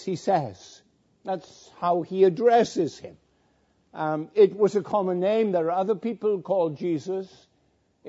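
A man preaching a sermon in a slow, deliberate way, quoting scripture and repeating phrases for weight. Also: sits high, mellow. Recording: dull lo-fi recording.

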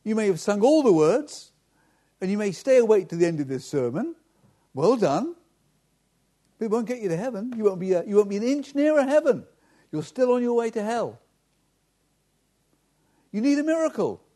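A man's voice: high-pitched, big pitch swings, moderate pace, long pauses, warm tone. A man, a pastor preaching a sermon directly and earnestly to his congregation.

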